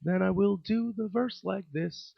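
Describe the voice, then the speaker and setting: A man putting on a mocking impression of a screaming male rock frontman, sing-song and exaggerated, breaking into high shrieks. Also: unhurried, vocal fry, dry recording, exaggerated voice. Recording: dull lo-fi sound.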